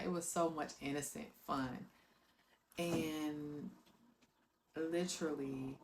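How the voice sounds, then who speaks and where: A woman from South Florida telling her own life story, animated and direct with viewers, acting out scenes with sound effects. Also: low voice, slight background noise. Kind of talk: personal storytelling to camera.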